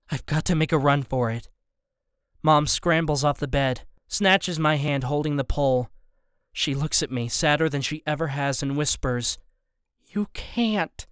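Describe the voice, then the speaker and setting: A man narrating a first-person interactive thriller in a tense, measured reading. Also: a little high, fairly bright tone, clean tone, dry recording, clean studio sound. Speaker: audiobook narrator.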